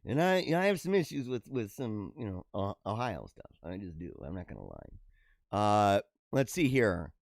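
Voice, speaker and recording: A man hosting a casual livestream show, reading out viewer comments and chatting back in an animated way on a radio-style mic. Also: normal speed, gravelly, no room sound, studio quality. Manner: animated, talks with feeling, drops pitch low for asides. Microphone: radio-style studio mic.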